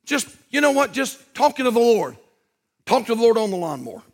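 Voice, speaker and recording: A man's voice: very high voice, sing-song, fairly quick. A male pastor preaching a sermon in a folksy, conversational way that builds in intensity.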